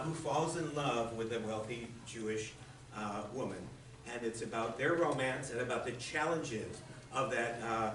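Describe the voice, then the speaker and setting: A man's voice: medium pitch, pushed and bright. A man giving an enthusiastic, chatty lecture on literature to an audience, with fillers and restarts. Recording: echoey room, distant mic, faint noise.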